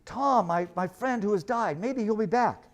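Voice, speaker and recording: Grieving sailor, tender and longing, voiced by a man a little higher than usual. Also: moderate pace, natural voice. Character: grieving, hopeful male sailor.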